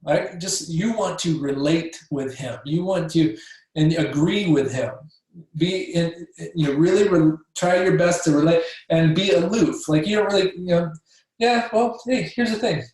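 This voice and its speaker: A man's voice: a little high, moderate pace, a little mellow. Man coaching in a very echoey room. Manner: coaching, checks in with listeners with frequent "okay?"; acts out sample conversations with patients. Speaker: chiropractic practice trainer. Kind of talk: casual training talk.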